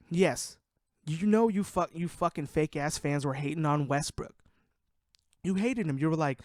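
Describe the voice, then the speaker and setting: A man's voice: a little high, animated, a little slow, darkish tone, no room sound, studio quality. A man hosting a casual sports podcast, ranting in a heated, profane way, worked up and sweating. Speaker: podcast host.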